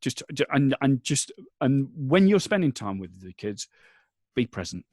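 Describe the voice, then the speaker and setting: A man's voice: mid-range voice, big pitch swings, unhurried, a little mellow, dry recording, studio quality. A man, a father, talking as a podcast guest, earnest and rambling with lots of restarts, emotional at times. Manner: emotional, choking up. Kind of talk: casual interview chat.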